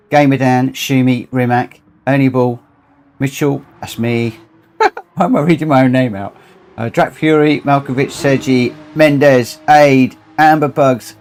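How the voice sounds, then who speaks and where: A man's voice: mid-range voice, darkish tone. Emotional man thanking his stream. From United Kingdom. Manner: choked up, grateful, repeats himself. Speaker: livestream host and racing gamer. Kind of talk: emotional livestream chat.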